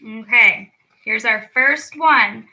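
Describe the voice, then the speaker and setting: A young woman teaching a children's lesson, slow and encouraging as she speaks to young kids. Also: fairly high pitch, bright, forceful tone, rough recording. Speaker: speech clinic storytime teacher.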